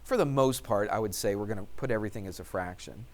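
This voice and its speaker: Math teacher quizzing an empty room. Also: male voice, lowish voice, fast talker. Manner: asks questions and answers them himself; talks while writing out steps. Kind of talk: classroom lecture.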